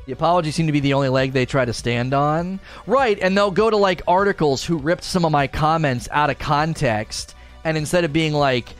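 A male streamer vents in a heated, defensive monologue, indignant and repeating himself. His voice is on the high side, brisk with few pauses, and faint music sits behind him.

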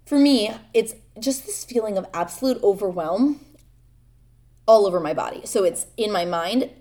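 A young woman hosting a podcast, talking candidly and haltingly about her own struggles, earnest and vulnerable, with many fillers and restarts. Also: mid-range voice, lively intonation, dark tone. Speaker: podcast host. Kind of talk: personal confessional talk.

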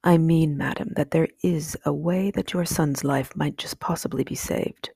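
A woman reading aloud, voicing a wise, stern old male owl who speaks slowly and formally. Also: deep voice, fairly even intonation, creaky, mellow, husky, dry recording, clean studio sound, heavily acted. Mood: earnest. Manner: slow, grave and formal.

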